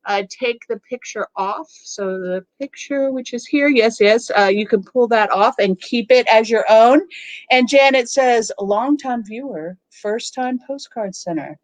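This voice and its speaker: A woman co-hosting a casual chat show, reading viewer mail and telling animated stories with many fillers. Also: on the high side, a little slow, no room sound, poor audio. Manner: storytelling, animated, filler-heavy.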